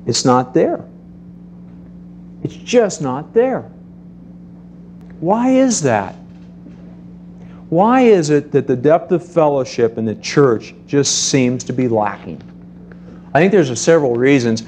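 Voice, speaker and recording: Animated male preacher telling stories. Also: a little high, normal speed, a little hiss or hum. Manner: animated storytelling, acts out voices. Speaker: pastor. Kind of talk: sermon.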